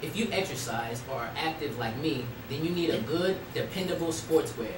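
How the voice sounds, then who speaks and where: A man's voice: on the high side, animated, normal speed, reverberant, far from the mic, background noise. A man reading a sportswear ad script aloud in a stiff, read-out way.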